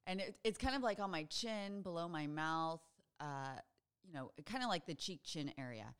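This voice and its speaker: A woman co-hosts a casual chat and reacts expressively to the stories. Her voice sits fairly low and is smooth and clear, with a lively rise and fall. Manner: reactive, expressive, quick to exclaim. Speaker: podcast co-host.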